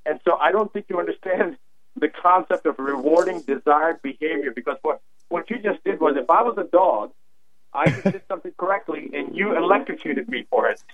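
A man's voice: on the high side, lively intonation, fairly quick. A man calling in as a regular guest doctor on a radio show, joking and playfully arguing his point in casual chat. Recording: phone line.

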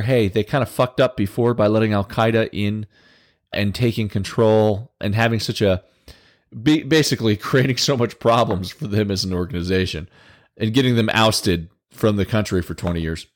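A man's voice: on the low side, moderate pace. A man giving casual news commentary as a political commentator, conversational with wry, sarcastic asides.

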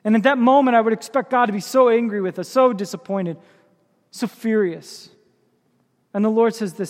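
A man's voice: high voice, moderate pace, long reverb tail. A man preaching a sermon as pastor, with impassioned, building emphasis.

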